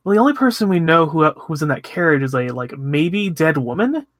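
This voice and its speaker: A man's voice: fairly high pitch, very animated, fairly quick, a bit bright, no echo, studio quality. A man playing a tabletop game, asking questions and theorizing aloud about the case. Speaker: player. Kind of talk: casual tabletop game chat.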